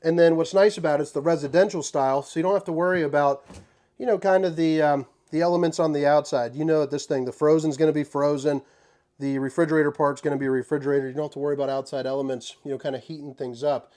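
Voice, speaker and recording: A man hosting a casual walkthrough tour inside an RV, talking in a folksy, joking way with relaxed slang. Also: a little high, quick pace. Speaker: RV tour host.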